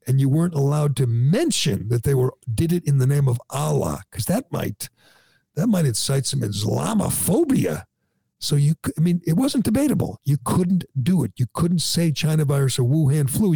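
Gravelly, indignant talk show man. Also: a little high, mellow, no echo. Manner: indignant, sarcastic ranting. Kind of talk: opinionated talk radio chat.

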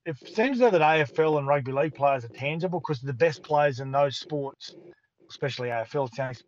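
A man's voice: fairly high pitch, fast talker, dull audio, a little hiss or hum. A man with an Australian accent chatting casually as a radio guest, rambling and restarting his thoughts. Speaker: guest sports commentator.

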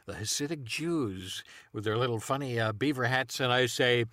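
A man improvising absurd comedy in a rambling, deadpan way, full of ums and uhs. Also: medium pitch, normal speed, no echo, studio quality.

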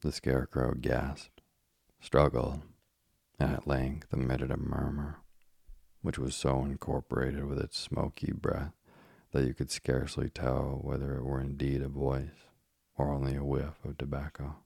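Deep gravelly male narrator. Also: monotone, measured pace, a little mellow, no room sound, studio quality. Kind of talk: audiobook reading of a classic tale.

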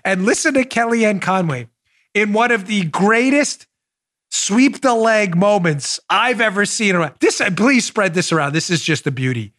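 Male host, animated sarcastic commentary, higher voice, dry studio. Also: unhurried, no echo. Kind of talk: political commentary podcast.

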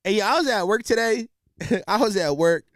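A young man doing a comedic rant, animated and profane, full of slang and repeated restarts. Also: high-pitched, moderate pace, no room sound, studio quality.

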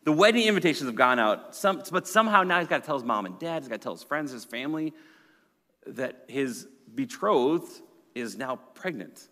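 A male pastor preaching a sermon in a conversational, storytelling way, swinging from loud to hushed. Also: medium pitch, lively intonation, normal speed. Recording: long hall reverb.

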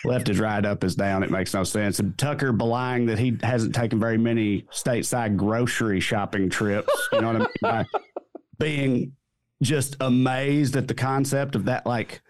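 Male comedian, mid-pitched, rambling wry delivery, dry close mic. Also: steady tone, normal speed, no room sound. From Southern United States. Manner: drawling, rambling, wry, self-interrupting. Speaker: comedian guest. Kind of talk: casual podcast chat.

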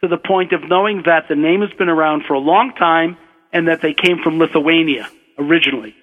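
Heard through a dull radio broadcast with long reverb, a physician and author guest from Brooklyn, USA, shares an anecdote. The older man speaks unhurriedly and conversationally, relaxed and wry, in a voice slightly high for a man.

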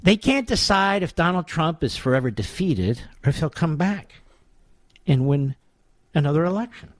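A man's voice: on the high side, lively intonation, moderate pace, dry recording, studio quality. A man hosting a political talk radio show, delivering a combative, sarcastic monologue.

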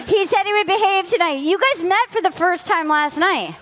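A woman's voice: extremely high pitch, normal speed, noisy background. A woman hosting a live comedy podcast on a club stage, rambling and often breaking into giggles. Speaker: podcast host.

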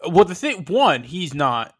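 Bright, lively man in animated chat. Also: fairly high pitch, measured pace, husky. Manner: animated, swears and laughs often. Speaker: podcast co-host. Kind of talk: casual chat.

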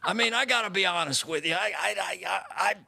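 A man's voice: sits high, quick pace, gravelly, pushed and bright, no room sound, exaggerated voice. A man doing a comic impression of a famous older male scientist, playing him as a boastful, streetwise tough guy over a video call. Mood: cocky.

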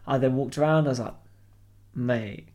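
A young man, a podcast co-host telling animated, sweary anecdotes and acting out the people in them. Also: fairly high pitch, a little fast. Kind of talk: casual storytelling chat.

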